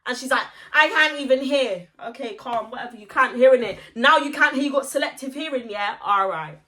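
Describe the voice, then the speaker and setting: Young woman vlogger, high and bright, animated slang storytelling. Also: fast. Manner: animated, slangy retelling with quoted voices. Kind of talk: story time vlog.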